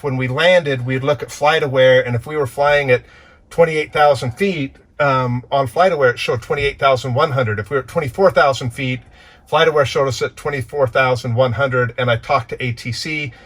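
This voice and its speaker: A man talking earnestly to camera as the owner and pilot of a plane under maintenance, animated and full of restarts. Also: medium pitch. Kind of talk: casual walkthrough vlog.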